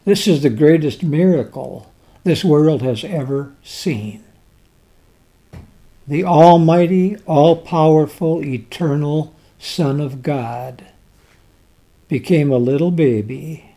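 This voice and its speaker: A man preaching a sermon slowly and dramatically, reading scripture aloud in old-fashioned wording. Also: on the high side. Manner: slow, dramatic preaching with swells and drops in loudness.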